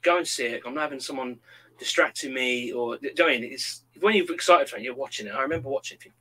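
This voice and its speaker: Animated man telling stories. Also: mid-range voice, rapid-fire, breathy edge, poor audio. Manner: animated storyteller, acts out quotes. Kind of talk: casual chat.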